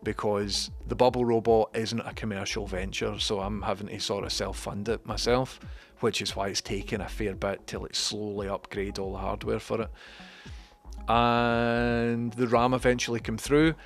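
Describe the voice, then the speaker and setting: A man's voice: fairly low pitch, level tone, moderate pace, faint music behind. A man, talking casually on his own livestream, sarcastic, swearing and wandering off on tangents. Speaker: livestream host. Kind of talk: rambling livestream chat.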